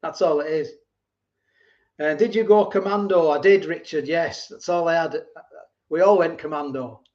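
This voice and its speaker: A man's voice: on the high side, normal speed, darkish tone. Rambling man on a lo-fi livestream. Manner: rambling, repeats himself, chuckles often. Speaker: livestream host. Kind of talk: casual live chat reading viewer comments. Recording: dull lo-fi stream audio.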